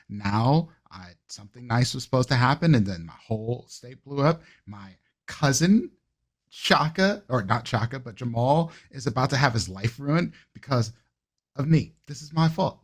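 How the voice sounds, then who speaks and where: A man's voice: mid-range voice, expressive, normal speed. Give me a man narrating his role-play character with a wry manner. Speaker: tabletop player.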